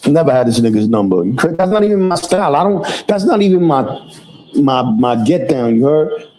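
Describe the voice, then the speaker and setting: A man's voice: on the high side, big pitch swings, brisk, warm tone, low-quality recording. Slangy cursing man on a livestream. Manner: loose, cursing street slang, stumbling restarts. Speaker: livestream host. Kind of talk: casual livestream chat.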